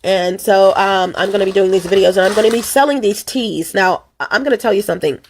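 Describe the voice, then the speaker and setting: A woman vlogging in casual chat, hoarse from allergies and a cold, rambling and repeating herself as she talks to her viewers. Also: mid-range voice, fast talker. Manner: rambling and repetitive, addresses viewers as "you guys". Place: at home.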